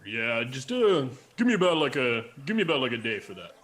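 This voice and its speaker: A man's voice: medium pitch, big pitch swings, fairly quick, fairly bright tone, a little hiss or hum. Man playing an easygoing blacksmith. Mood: friendly. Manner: easygoing salesman patter. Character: friendly male blacksmith merchant.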